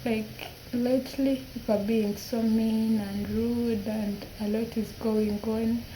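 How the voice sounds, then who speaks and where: A woman in her twenties talking through tears in a personal vlog, halting and repeating herself. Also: a little high, level tone, mellow, a little hiss or hum, low-quality recording. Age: 20s. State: tearful, crying at times. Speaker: vlogger.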